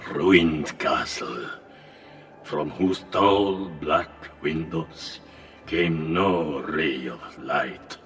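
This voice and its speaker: A sinister, menacing storyteller with an extremely deep voice. He speaks with a slow, grandiose menace in a bright tone, as though from a distance. Faint music plays under the radio drama. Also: exaggerated voice.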